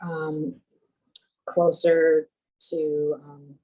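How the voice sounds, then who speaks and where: A woman's voice: low voice, level tone, very slow, dark tone, poor audio. A woman taking part in a video call, answering hesitantly and searching for words.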